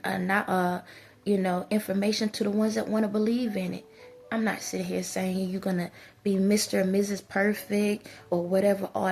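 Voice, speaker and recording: Woman, raspy, fry-heavy voice, preachy scolding monologue, repeats herself for emphasis. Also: mid-range voice, darkish tone.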